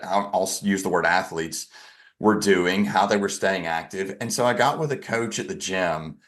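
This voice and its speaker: Deep-voiced man telling a hard story. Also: a bit bright. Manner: halting, with frequent restarts and self-corrections; frank and self-deprecating. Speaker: podcast guest. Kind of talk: candid personal storytelling.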